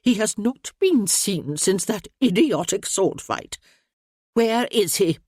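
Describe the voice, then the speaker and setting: A woman's voice: mid-range voice, animated, slow, darkish tone, no room sound, studio quality. A woman voicing an imperious elderly noblewoman who scolds and commands in a storybook reading.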